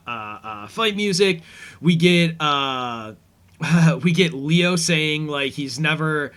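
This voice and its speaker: Brief: male host, slightly high pitch, loose filler-heavy commentary talk. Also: sharp tone. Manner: rambling, filler-heavy, easygoing. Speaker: podcast host. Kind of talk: casual episode commentary.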